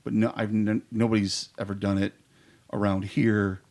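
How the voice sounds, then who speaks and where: Gravelly, eager man telling stories. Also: on the low side, little pitch movement, normal speed, a little mellow. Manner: eager, rambling storyteller with fillers. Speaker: improv performer guest. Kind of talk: casual podcast chat.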